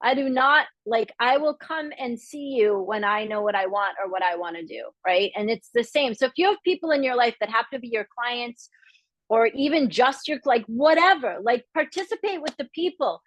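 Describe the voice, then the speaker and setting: A middle-aged woman talks straight to her class, frank and animated, slipping into little acted quotes. Her voice sits a bit high, and the sound is close and dry with no room around it. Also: moderate pace, no echo. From Boston area, Massachusetts. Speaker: business coach. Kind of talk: live masterclass talk.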